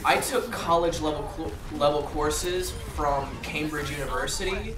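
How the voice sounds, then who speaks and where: A man's voice: on the high side, moderate pace, music in the background. Rambling man in an echoey room. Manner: rambling, with many fillers and restarts. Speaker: gaming channel host. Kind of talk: casual chat while gaming. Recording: roomy echo, distant mic.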